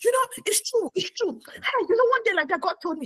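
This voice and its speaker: A woman preacher delivering a lively sermon, mimicking her congregants and laughing often. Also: very high-pitched, brisk, low-quality recording.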